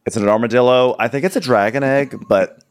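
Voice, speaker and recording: A man's voice: mid-range voice, a little fast, clean tone. A man co-hosting a casual recap chat, wry and teasing, often mimicking characters. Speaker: podcast co-host.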